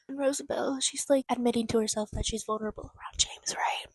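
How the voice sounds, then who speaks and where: Young woman book vlogger, casual, fairly high voice, dry close sound, swears and acts out quotes. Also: steady tone, quick pace, few pauses, slightly rough, dry recording, whispered. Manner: chatty, swears casually, acts out characters' lines. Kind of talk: casual spoiler recap.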